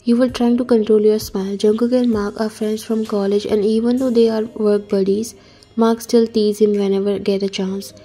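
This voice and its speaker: Woman narrator, story read-aloud, steady, mellow. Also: mid-range voice, normal speed, faint music behind.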